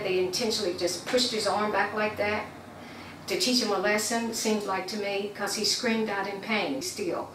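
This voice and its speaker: A woman recounts what happened to her in an earnest, unpolished testimony, voicing the people she quotes and stumbling over words now and then. Her voice sits at an ordinary pitch and is picked up from a distance in an echoing room, with faint noise underneath. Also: fairly bright tone. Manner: earnest, acts out quoted dialogue, some stammering. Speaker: community member giving testimony. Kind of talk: personal testimony, retelling events. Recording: roomy, distant mic, faint background noise.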